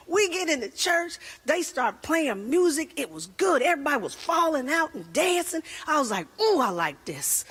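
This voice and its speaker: High-voiced woman doing stand-up. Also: normal speed. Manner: animated storytelling with voices. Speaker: stand-up comedian. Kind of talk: stand-up comedy routine.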